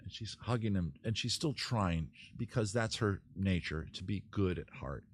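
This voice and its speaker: A man hosts a casual livestream, rambling and interrupting himself, swearing and acting out scenes in quick put-on voices. His voice is low-pitched and animated with a breathy edge, recorded on a camera mic.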